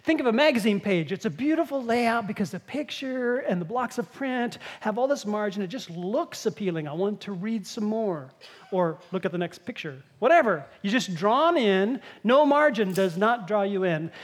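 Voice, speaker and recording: A woman preaching a sermon, telling Bible stories in a lively way and acting out the quoted lines. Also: mid-range voice, moderate pace.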